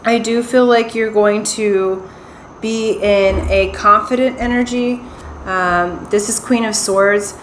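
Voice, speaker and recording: A woman talks through a pick-a-card tarot reading in an unhurried, reassuring manner. She keeps checking in with her listeners, in a voice of middling pitch. The room around her is echoey, with a faint hum of ambient noise behind her. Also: steady tone. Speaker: tarot reader.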